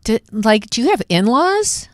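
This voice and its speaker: A woman's voice: fairly high pitch, very animated, a little slow, dry recording. A woman hosting a casual chat, chatty and eager with her questions. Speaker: host.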